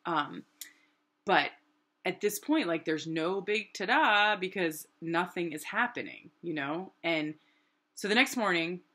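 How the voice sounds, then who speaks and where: An artist and vlogger from New Hampshire, USA, tells a casual personal story in a low voice at a slightly slow pace. She is animated and rambling, sprinkling in many "like" fillers and acting out the quotes.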